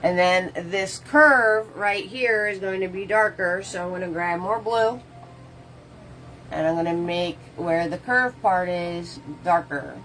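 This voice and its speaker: A woman's voice: fairly low pitch, slow, fairly bright tone, slight background noise, poor audio. A woman giving a casual live painting tutorial, chatting with viewers and walking them through each step. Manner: chatty, answers viewer comments while painting; casual, loose step-by-step instructions. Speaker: painting instructor.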